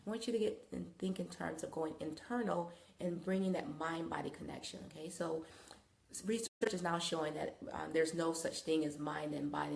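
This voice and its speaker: Woman host talking into a phone in an echoey room, leading yoga in a calm, rambling way. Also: low voice, gravelly, a little hiss or hum. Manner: loose, rambling instruction with many fillers; calm, coaching guidance. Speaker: wellness host and yoga guide. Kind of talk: live-streamed wellness talk and guided yoga.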